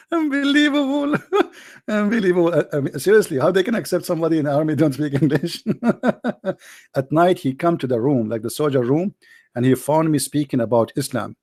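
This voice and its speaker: A man's voice: a little high, dark tone. A man hosting a live call-in debate show, mocking and stammering often as he talks.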